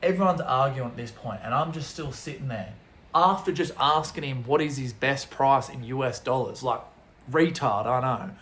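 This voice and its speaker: A young man, a travel vlogger, telling a story casually to camera in an animated way, throwing in sound effects. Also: medium pitch, normal speed. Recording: roomy echo.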